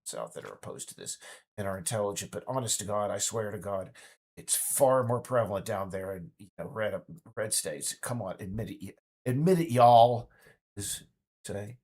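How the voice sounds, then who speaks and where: Husky man ranting with stammers. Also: fairly low pitch, lively intonation, normal speed, darkish tone. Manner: stammering, restarts, mocking put-on voices. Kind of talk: ranting political monologue.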